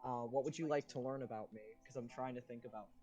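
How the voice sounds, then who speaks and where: A man's voice: mid-range voice, quick pace, mellow, muffled recording, soft background music. A young man chatting casually on a stream, flustered and laughing at himself, his voice cracking now and then. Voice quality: voice cracks at times. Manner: flustered, laughing, self-deprecating. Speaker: guest streamer.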